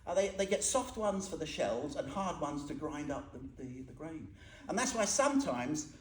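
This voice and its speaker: Talking at a normal pace in a slightly high, sing-song voice, a Buddhist teacher delivers a casual dharma talk to a group. He's humorous and chatty, quizzing the audience as he goes; the room echoes faintly with some noise.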